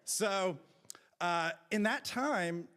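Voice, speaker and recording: A man in his thirties from New Jersey, telling a personal story with comic timing and big jumps in pitch. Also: drawn-out words, fairly bright tone.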